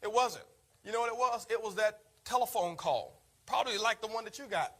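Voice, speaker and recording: A man delivers a motivational talk at a brisk, rapid clip. His voice sits high and sounds bright and forceful. He tells his story with energy and keeps calling his listeners "guys.". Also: expressive. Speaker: network marketing speaker.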